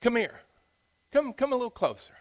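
A man voicing an elderly blind father who speaks slowly and suspiciously. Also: very high voice, big pitch swings, voice pushed up. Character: elderly blind father, wary then shaken.

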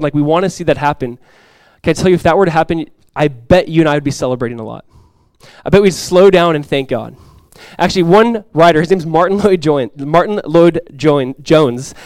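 A young man from Southern California preaching a sermon, telling stories in an animated, conversational way with many fillers. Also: a little high, dry recording. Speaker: pastor. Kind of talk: sermon with prayer and storytelling.

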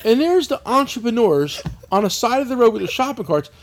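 A man's voice: extremely high pitch, fairly quick. A man telling profane stories in a casual podcast chat, often laughing. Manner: profane, animated storytelling with laughter.

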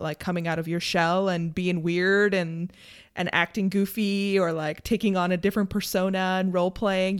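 A woman's voice: lowish voice, smooth. Chatty, reassuring woman podcast host. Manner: chatty, reassuring, many fillers. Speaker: podcast co-host and game master. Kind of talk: casual podcast chat.

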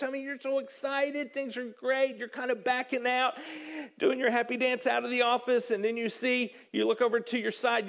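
A man preaching a sermon, telling a story with lively, animated delivery and acting out excited characters. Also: very high-pitched, moderate pace, few pauses. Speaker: pastor.

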